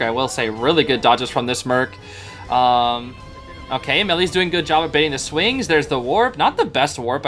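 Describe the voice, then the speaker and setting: A young man giving casual, excitable commentary on a video game, groaning in sympathy and using lots of slang. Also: a little high. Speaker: gaming streamer.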